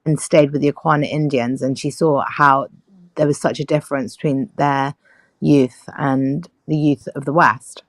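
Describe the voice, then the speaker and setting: Low-voiced woman in her fifties, chatting. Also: normal speed, no room sound. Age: 50s. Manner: animated storyteller, acts out quoted people. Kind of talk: casual chat.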